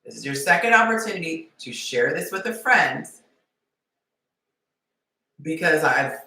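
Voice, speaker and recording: Bright-voiced woman doing a playful live coaching stream, echoey room, sounds a bit far off the mic. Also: sits low, expressive. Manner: playful, acts out scenarios in quick character voices and whispers.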